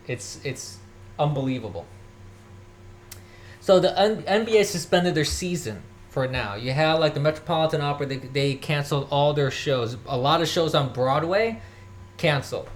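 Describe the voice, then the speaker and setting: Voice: mid-range voice, lively intonation, normal speed. Ranting solo podcast host. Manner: ranting, scoffing, mimics others mockingly. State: occasional coughing. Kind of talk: solo political commentary monologue. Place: at home, moving about tidying.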